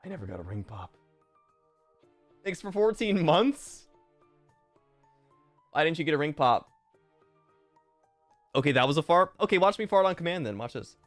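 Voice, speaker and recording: Young guy streamer, kinda high voice, cusses a lot and gets loud fast, dry mic, faint music behind. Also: no room sound. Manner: excitable, swears a lot, swings to loud outbursts. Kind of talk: casual chat reading fan messages.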